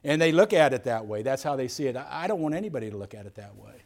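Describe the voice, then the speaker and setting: A man's voice: mid-range voice, expressive, racing. A man preaching as a pastor, earnest, often repeating words and restarting as he goes. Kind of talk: sermon.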